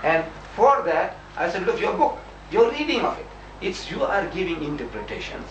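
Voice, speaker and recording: Male debater, lively storyteller, slightly high pitch, distant mic with faint hiss. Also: moderate pace, roomy sound. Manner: animated storytelling, exclaiming and acting out quotes. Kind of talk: heated debate.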